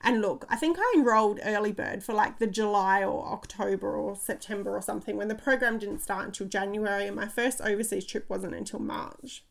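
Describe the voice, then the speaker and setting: A woman in her thirties talks straight to her listeners in a motivational podcast monologue. She tells her stories in an excited, chatty rush and laughs easily. Her voice has a gravelly fry running through it. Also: mid-range voice, a little fast, few pauses. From Australia. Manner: energetic, chatty storytelling with frequent laughs. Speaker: podcast host and coach.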